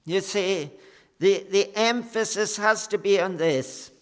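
A man preaching a sermon in an earnest, unhurried way, pausing often with fillers. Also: high-pitched, in a large hall. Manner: slow, earnest preaching with many pauses and fillers.

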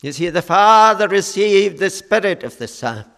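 A man preaching a sermon in a slow, measured way, with frequent fillers. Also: high-pitched, animated, a bit bright, big-room sound.

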